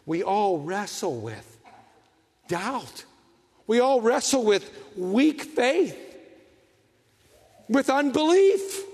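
High-voiced man preaching in a hall. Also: sing-song, slow pace, long pauses. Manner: dramatic, swings from hushed to fervent. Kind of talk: sermon.

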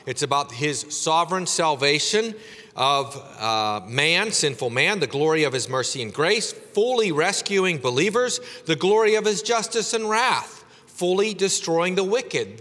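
A man preaching an expository sermon as pastor. He is earnest and emphatic, building to raised climaxes, dropping low after them, and often restarting phrases. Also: sharp tone. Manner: earnest, with frequent restarts and "you know" asides. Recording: long reverb of a large hall.

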